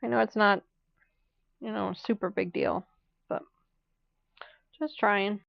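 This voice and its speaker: A woman's voice: mid-range voice, fairly even intonation, measured pace, vocal fry, no room sound. Chatty woman on a muffled, dry mic. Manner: chatty and rambling, laughs often. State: has the hiccups. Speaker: quilting channel host. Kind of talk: casual chat during a live sewing stream.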